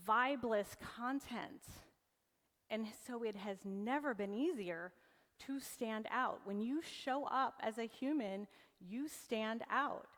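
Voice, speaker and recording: A woman in her forties giving a humorous motivational talk to a live audience, teasing and joking as she goes. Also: fairly high pitch. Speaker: keynote presenter. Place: event hall on stage. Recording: long hall reverb.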